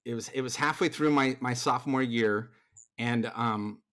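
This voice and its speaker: A middle-aged man, a theater performer and voice actor, telling his story as a podcast guest in lively casual talk with many restarts. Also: medium pitch, normal speed. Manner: animated, acts out quoted voices, frequent restarts.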